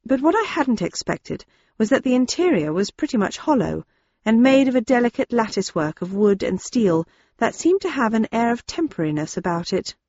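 A woman's voice: a little high, sing-song, fairly quick, a little mellow, no echo, lo-fi sound. A woman narrating a novel in the first person, in a dry, wry storytelling manner. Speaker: audiobook narrator.

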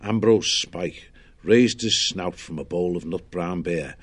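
A man narrating an audiobook in a measured storytelling manner. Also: sits low.

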